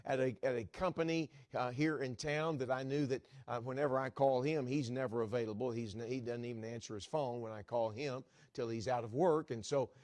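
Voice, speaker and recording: A man's voice: medium pitch, a little fast, few pauses, a little mellow, no room sound, studio quality. A middle-aged man preaching as an evangelist in a church, telling a folksy story and acting out the dialogue. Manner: folksy, acts out dialogue with restarts. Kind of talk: storytelling sermon.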